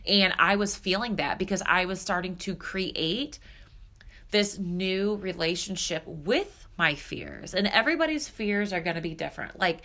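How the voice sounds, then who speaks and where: Seated indoors, a woman records her own podcast in a casual, reflective way, often filling gaps with "like" and "you know." Her voice is on the low side, animated and sharp in tone, at a moderate pace.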